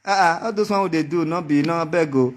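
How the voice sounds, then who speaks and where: A Nigerian man with a high-pitched voice delivers a heated monologue straight to the camera. He taunts and mocks throughout, circling back to the same threats again and again. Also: fast talker. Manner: taunting and mocking, repeats his threats. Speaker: vlogger.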